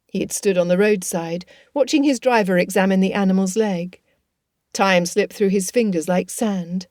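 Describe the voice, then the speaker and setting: A woman's voice: medium pitch, darkish tone, no echo. Woman narrating an audiobook, dry.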